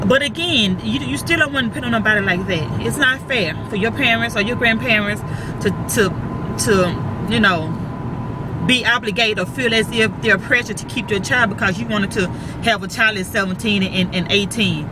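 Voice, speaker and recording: A woman's voice: medium pitch, moderate pace, background noise. A middle-aged woman giving blunt, preachy life advice in a casual vlog, repeating her points for emphasis.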